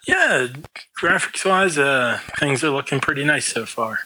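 A man's voice: medium pitch, expressive, unhurried, pushed and bright, slight background noise, poor audio. A man co-hosting a podcast, chatting casually and jokingly while watching a movie with a remote partner. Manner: joking, laughs often. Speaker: podcast co-host. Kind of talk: casual movie commentary chat.

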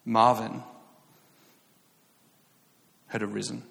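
A man's voice: on the low side, flat delivery, drawn-out words, gravelly, a bit bright, long reverb tail. A man in his thirties with an English accent, preaching a sermon as a story, chatty and self-mocking with many fillers and restarts. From England.

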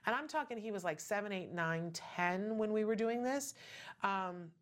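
A woman's voice: medium pitch, lively intonation, moderate pace. A middle-aged woman hosting a casual talk show, chatty and emphatic with many asides and rhetorical questions. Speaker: podcast host.

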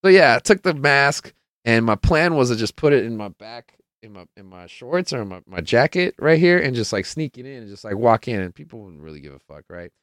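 A man's voice: medium pitch, big pitch swings, a little fast, a bit bright, no room sound, studio quality. A man hosting his own podcast, telling a casual, rambling, profane story that is full of laughs and acted-out quotes. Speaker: podcast host.

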